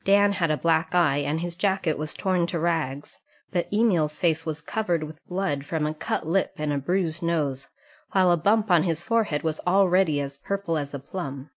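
A woman narrating an audiobook in a calm, even reading voice. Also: low-pitched, normal speed. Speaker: audiobook reader. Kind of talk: scripted narration.

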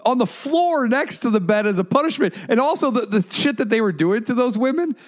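A man's voice: very high voice, lively intonation, fairly quick. A man co-hosting a podcast, chatting casually, often laughing and outraged, swearing freely. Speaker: podcast co-host. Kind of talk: casual chat.

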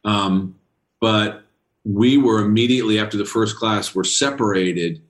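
A man's voice: on the low side, measured pace. A middle-aged man from New England, a guest actor telling anecdotes in a casual interview, laughing between stories. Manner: anecdotal, laughing, does voices in quotes.

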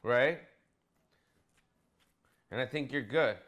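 A man's voice: medium pitch, slow, a bit bright, dull audio. A man hosting a casual comedic cooking vlog, bossy and profane, teasing his cameraman. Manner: crude, bossy, joking, profane.

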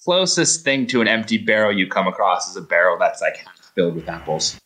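A man's voice: low voice, fairly quick, sharp tone. A man narrating as game master of a tabletop role-playing game, describing scenes casually with fillers.

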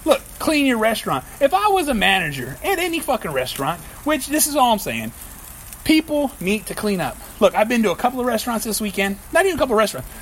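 Podcast host, male, high-pitched, profane ranter, faint room noise. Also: sing-song, quick pace, a bit bright. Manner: profane, ranting, heavy swearing. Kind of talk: casual podcast rant.

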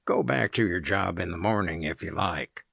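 A man voicing a kind, resigned father of few words, speaking calmly and plainly. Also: low voice, moderate pace, creaky, slightly rough, no echo, clean studio sound, pitched below the performer's own voice, full character voice.

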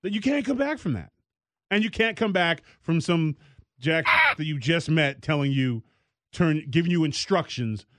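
A man co-hosting a casual studio chat. He tells his stories with energy and often jumps into high, mocking voices for the people he quotes. His voice sits a little high for a man, and the sound is close and dry. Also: moderate pace, no room sound. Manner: animated storytelling, jumps into high mock voices. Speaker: podcast co-host.

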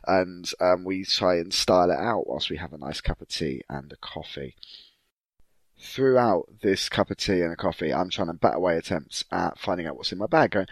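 A young man telling a lively, camp anecdote on a podcast. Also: a little fast, no echo. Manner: lively, camp, acts out high-pitched voices of relatives. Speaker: podcast guest storyteller. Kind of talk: animated anecdote.

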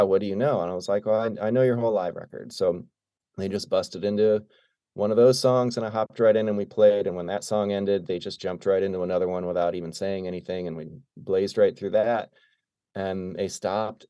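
Brief: middle-aged male guest, mellow low voice, dry close sound, lively storyteller. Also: no room sound. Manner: animated, acts out quoted dialogue. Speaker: guest drummer. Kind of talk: casual storytelling.

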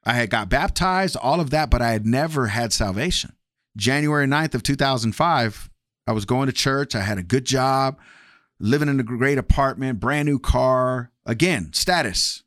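A man's voice: medium pitch, normal speed, a bit bright, no room sound, clean studio sound. Candid man telling his life story. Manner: candid, acts out past dialogue with varied voices. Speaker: guest sharing testimony. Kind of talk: personal testimony, casual storytelling.

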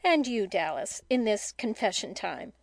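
A woman reading the part of a gentle, concerned middle-aged aunt in an audiobook, close to her own voice. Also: mid-range voice, sing-song, unhurried, dry recording.

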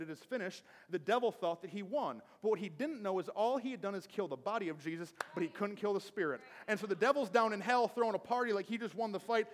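High-voiced man preaching in a reverberant church. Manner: emphatic, repetitive preaching with audience call-outs. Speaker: pastor. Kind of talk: sermon. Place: church sanctuary, speaking from the pulpit. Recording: long reverb of a church hall.

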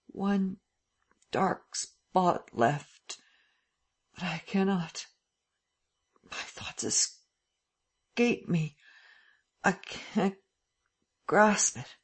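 A reader voicing a weakened gentleman thief who halts, strains and sinks into whispers as he fights to think. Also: medium pitch, breathy edge, voice pushed up, exaggerated voice. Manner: halting, strained, sinking into whispers. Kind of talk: audiobook character reading.

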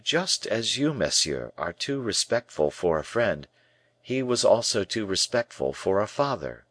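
A proud, earnest young prisoner who presses each question with quiet defiance, read by a man. The voice sits a little above a low baseline, with lively rises and falls. The sound is close and dry. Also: measured pace, dry recording, heavily acted.

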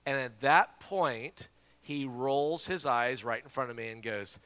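A man from South Carolina, an evangelist preaching a sermon and telling a story with lively, repeated words. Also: mid-range voice, measured pace. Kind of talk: sermon with Bible reading. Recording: long hall reverb.

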